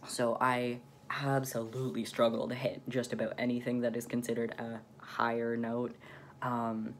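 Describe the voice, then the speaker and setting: A man's voice: medium pitch, completely flat delivery, normal speed, a little hiss or hum. A young man chatting casually in a vlog, his voice still changing on testosterone, with lots of "um"s and little laughs. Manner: chatty, many "um"s and light laughs, self-deprecating. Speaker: vlogger.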